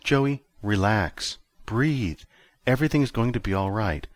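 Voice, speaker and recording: A man voicing a calm, cool young woman pilot who speaks softly and unhurriedly. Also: lowish voice, measured pace, no echo.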